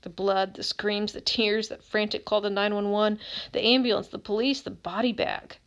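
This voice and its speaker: A woman's voice: medium pitch, little pitch movement, normal speed, close to an everyday voice. A woman reading as a haunted teen who questions a dead friend in a relentless way, in an audiobook. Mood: grim.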